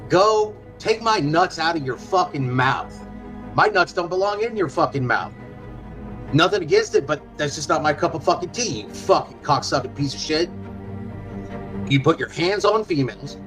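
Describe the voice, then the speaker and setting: A man's voice: on the high side, rough recording. A father speaking on a live panel in a heated, profane, confrontational rant. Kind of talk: angry rant.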